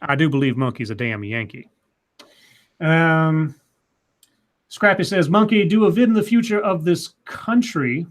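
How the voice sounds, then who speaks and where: A man's voice: fairly high pitch, lively intonation, brisk, hardly any pauses. A man co-hosting a casual livestream chat, reading viewer questions aloud in a joking put-on Southern drawl.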